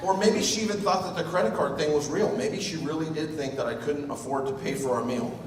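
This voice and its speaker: A man giving a comedic wedding speech as the groom, telling a self-mocking story with lively energy. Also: on the high side, a little fast. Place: large reception hall. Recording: echoey hall, voice from far off, audible room noise.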